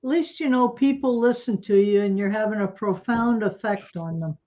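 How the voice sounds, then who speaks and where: A woman's voice: medium pitch, normal speed, mellow, lo-fi sound. A woman chatting on a live stream, teasing and reading out viewer comments. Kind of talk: casual chat.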